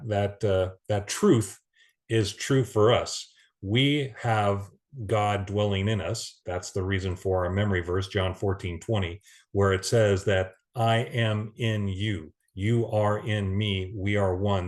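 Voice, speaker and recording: A man giving an earnest Bible teaching, reading scripture aloud with pauses and restarts. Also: lowish voice.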